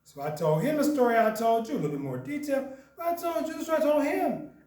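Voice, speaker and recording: A man with a Chicago accent giving an animated storytelling lecture, acting out the voices in his story. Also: extremely high pitch, quick pace. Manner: lively, acts out voices in dialogue. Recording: echoey room, mic at a distance.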